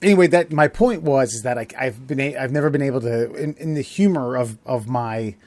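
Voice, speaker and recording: A man on a comedy podcast, thinking out loud with many stops and restarts, then bursting into laughter. His voice sits in an ordinary middle pitch, recorded dry and close. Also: dry recording. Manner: rambling, halting, swears, loud bursts of laughter. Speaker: podcast co-host. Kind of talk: casual comedic podcast chat.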